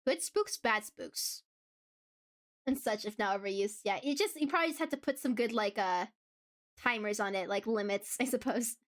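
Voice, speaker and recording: A woman's voice: a little high, animated, normal speed. A woman streaming live, chatting casually with her viewers in a rambling way, laughing often between thoughts. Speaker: VTuber streamer.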